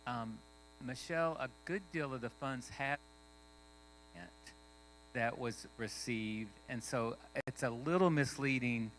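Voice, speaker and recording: A man's voice: medium pitch, takes it slowly, fairly bright tone, a little hiss or hum, rough recording. A man replying at a public meeting, careful and a little hesitant. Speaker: tribal member responding at a meeting.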